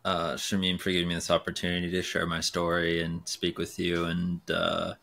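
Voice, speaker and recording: Low, bright-toned young man. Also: completely flat delivery, moderate pace, creaky, a little hiss or hum. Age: 20s. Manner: earnest, philosophical, tells parables with many fillers. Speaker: guest, race car driver. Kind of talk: casual podcast conversation.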